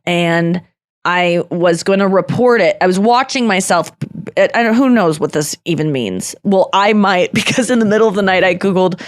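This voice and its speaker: A woman hosting a podcast in casual chat, candid and confessional, talking quickly with laughs and nursing an irritated throat. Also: fairly low pitch, dry recording, studio quality. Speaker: podcast host.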